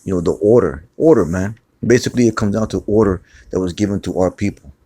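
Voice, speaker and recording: A man's voice: on the low side, fast, mellow, slightly rough. A man teaching scripture in a loose, conversational way, repeating words and often saying "man". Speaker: preacher. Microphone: phone screen recording.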